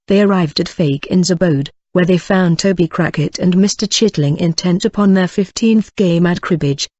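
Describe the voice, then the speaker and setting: An audiobook reader narrating a classic novel in a steady, even way. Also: medium pitch, dry recording. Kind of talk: storybook narration.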